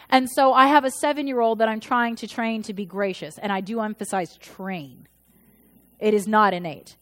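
A woman in her thirties, a pastor, preaching a sermon in a storytelling way and acting out the voices she quotes. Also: a little high. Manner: storytelling, acts out quoted voices with shifts in loudness.

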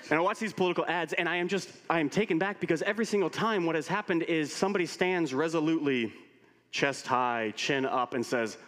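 A man preaching as a pastor, telling stories with humor in an animated way. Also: a little high, fast. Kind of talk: sermon. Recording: long reverb of a large hall.

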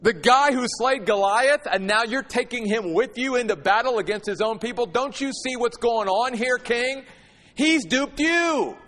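A man's voice: very high voice, moderate pace, fairly bright tone, voice pushed up. A man voicing angry, suspicious army leaders, with a raised and pushy delivery. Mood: incredulous. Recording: long hall reverb.

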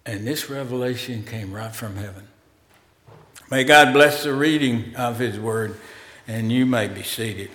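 A man preaching a sermon as pastor, in a slow, conversational way with pauses and fillers, in a church sanctuary. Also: medium pitch, a bit bright. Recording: roomy hall reverb.

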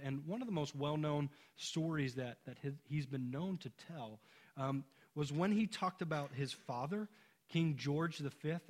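A middle-aged man preaching a sermon. He builds to emphatic repeated questions, then drops low and slow. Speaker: pastor.

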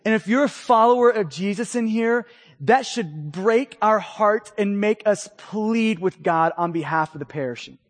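Male pastor, very high voice, earnest teaching sermon, long hall reverb. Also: normal speed.

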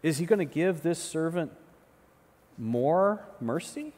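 A man's voice: a little high, expressive, takes it slowly, a little mellow. A male pastor delivering a conversational sermon, often restarting words and checking in with the listeners. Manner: conversational preaching, repeats words, often asks "right?". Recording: long reverb of a large hall.

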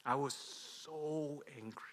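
A pastor in his thirties tells a personal story from the pulpit, his fairly high, bright voice ringing out across a large hall with a long trailing echo. He swings between loud bursts and quiet, confessional moments. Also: takes it slowly. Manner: confessional storytelling that swings from loud outbursts to hushed, low lines. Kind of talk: sermon storytelling.

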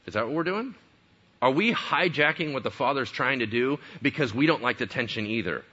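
A man's voice: medium pitch, lively intonation, fairly quick, bright, forceful tone, breathy edge, highs cut off. A man preaching a sermon in a conversational way, full of rhetorical questions. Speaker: pastor.

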